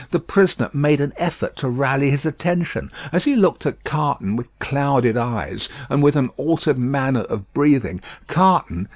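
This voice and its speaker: A man narrating an audiobook in a measured, dramatic storytelling manner. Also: mid-range voice, darkish tone, no echo, studio quality.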